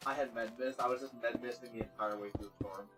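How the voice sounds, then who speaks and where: A man chatting casually alongside the game, reacting with quick exclamations. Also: medium pitch, steady tone, over music, low-quality recording.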